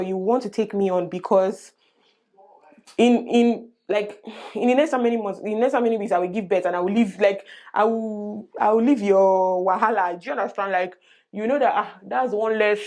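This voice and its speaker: A woman, casually retelling a personal story to her viewers in an animated way. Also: mid-range voice. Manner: animated, retells conversations with laughs and Nigerian slang. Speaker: vlogger.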